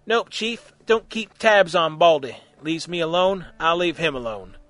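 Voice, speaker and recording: A man's voice: on the high side, lively intonation, a little slow, fairly bright tone, no room sound. A man reading a story aloud, voicing a smug male survivor who teases and mocks in a drawling way. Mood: teasing.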